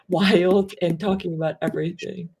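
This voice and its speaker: A woman hosting a casual livestream chat, playful and quick to giggle. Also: on the low side, fairly even intonation, darkish tone, husky. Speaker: host.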